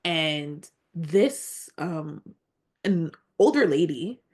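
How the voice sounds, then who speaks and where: A woman's voice: low voice, expressive, darkish tone. A woman speaking as a podcast guest, telling a personal story in a heartfelt, earnest way and sometimes near tears. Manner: heartfelt, earnest, slow and reflective.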